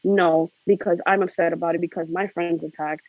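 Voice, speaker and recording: A woman's voice: lowish voice, fairly even intonation, brisk, no echo. A woman panelist on a video call, speaking earnestly and searching for her words, heard over dry, lo-fi audio. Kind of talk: casual panel discussion.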